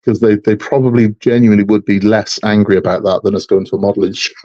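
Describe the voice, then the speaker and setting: A man chats through a live model-building stream in a low, mellow voice. He jokes, rambles and laughs often. The audio is dull and lo-fi. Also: little pitch movement, quick pace. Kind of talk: casual live-stream chat while building.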